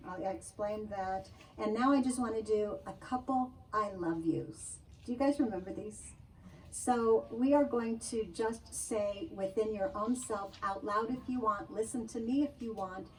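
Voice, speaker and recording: A woman minister leading a congregation in prayer, gentle and coaxing, often checking in with "okay?". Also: medium pitch, a little hiss or hum. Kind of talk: spiritual talk and guided prayer. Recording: distant mic with faint room ambience.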